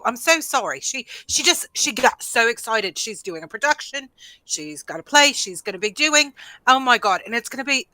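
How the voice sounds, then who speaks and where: A woman's voice: on the high side, sharp tone, dry recording, rough recording. A woman voicing a fawning servant valet in a put-on accent, apologizing and stammering over and over.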